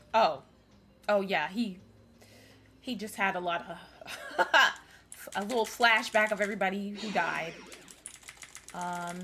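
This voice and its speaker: This is a woman streamer telling the story of a game in a loose, chatty, giggly way. Her voice is bright and forward. Faint game music plays underneath. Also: medium pitch. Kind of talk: casual let's-play recap.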